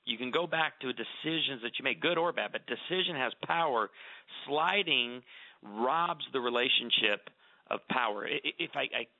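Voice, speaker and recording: Speaking earnestly at a moderate pace, this middle-aged radio guest discusses marriage in a conversational interview. He tends to repeat words when beginning a thought, and his mid-range voice comes through a dry, narrow, phone-like recording.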